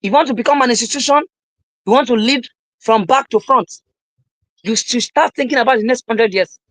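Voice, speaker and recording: A young man delivers a live-streamed motivational talk in a dry, close voice with no room around it. He preaches emphatically, hammering the same lines again and again and now and then breaking into a shout. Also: very high voice, fairly quick, dry recording, rough recording. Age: young adult. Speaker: motivational speaker.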